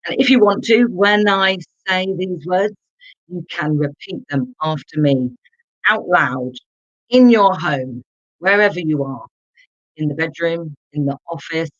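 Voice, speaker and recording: Slow, deliberate online English teacher. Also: medium pitch, dry recording, lo-fi sound. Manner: slow, deliberate, repeats words for learners to copy; addresses viewers in the chat directly. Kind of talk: live online language lesson.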